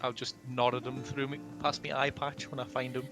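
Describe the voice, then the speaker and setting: A man's voice: medium pitch, flat delivery, brisk, over music. A man playing a tabletop game, laid-back and joking. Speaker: player. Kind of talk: casual tabletop play.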